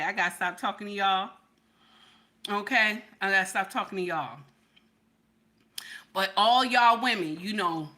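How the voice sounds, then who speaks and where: A middle-aged woman chatting casually with her livestream viewers, animated and playful, often laughing and repeating herself with a questioning "okay?". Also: medium pitch. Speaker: livestream host.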